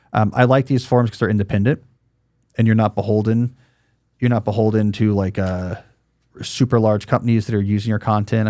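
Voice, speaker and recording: A man's voice: medium pitch, darkish tone, no room sound. Guy in his 40s hosting a podcast, chatty, lots of likes and uhs, dry jokes, close dry studio mic. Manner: chatty, dry joking, many fillers and restarts. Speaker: podcast host. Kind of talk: casual podcast chat and advice.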